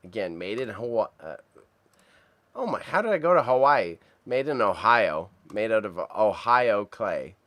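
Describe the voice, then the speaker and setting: A very animated man with a lowish, slightly bright voice speaks at a measured pace. He's hosting a casual livestream, chatting cheerfully with viewers and reading auction item names aloud, stumbling on the tricky words.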